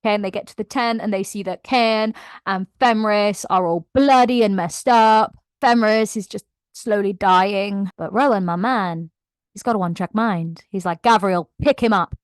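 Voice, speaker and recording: A woman's voice: medium pitch, normal speed, smooth, no echo. A woman book vlogger giving a casual, emotional and gushing plot recap. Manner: emotional, gushing and animated retelling.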